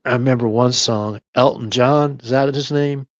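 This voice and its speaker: A man's voice: mid-range voice, fairly even intonation, moderate pace, no echo, lo-fi sound. A man hosting a late-night live stream, rambling and chuckling to himself and keeping his voice down at times. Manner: meandering, chuckling, talks half to himself; keeps voice down at times.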